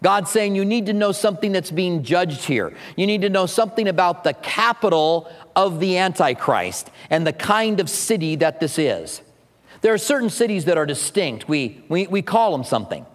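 A man's voice: sits high, animated, normal speed. Man preaching in a reverberant hall. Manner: conversational teaching with asides and humor. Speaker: pastor. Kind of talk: sermon. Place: church sanctuary.

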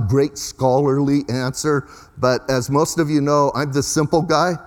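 A man's voice: mid-range voice, big-room sound. A middle-aged man preaching a sermon as pastor, in a folksy, conversational way with emphatic rises.

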